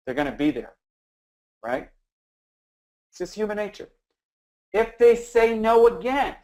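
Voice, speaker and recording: A man giving an energetic sales training talk, acting out phone dialogue with frequent restarts. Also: high-pitched, normal speed, pauses often, poor audio. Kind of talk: instructional talk.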